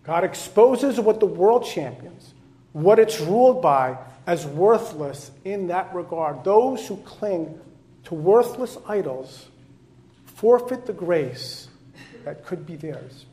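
Man preaching, high-pitched, slow and fervent. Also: animated. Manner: impassioned, swinging between soft low passages and loud rising repetitions. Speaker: pastor. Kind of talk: sermon.

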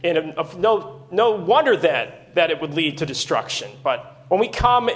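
A man with a high-pitched voice preaches a sermon. He teaches earnestly and at a steady pace, stopping to put rhetorical questions to his listeners.

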